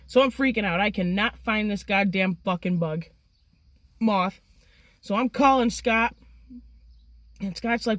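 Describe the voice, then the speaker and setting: A woman tells a story in a loose, excitable way, swearing freely. Her voice sits at an ordinary pitch and sounds close and dry, with no room around it. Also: unhurried, pauses often, no echo. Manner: profane and excitable. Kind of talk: casual storytelling.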